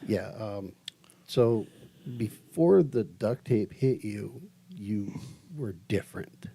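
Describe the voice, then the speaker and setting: Husky guy playing a tabletop game, chill, soft-spoken. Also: lowish voice, expressive, slow. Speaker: player. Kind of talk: casual tabletop role-play.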